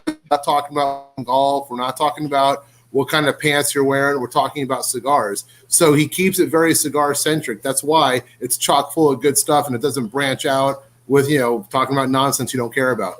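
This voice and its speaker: A man talking as a podcast guest in casual chat, an animated storyteller who swears casually. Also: mid-range voice. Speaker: guest, cigar writer and language teacher.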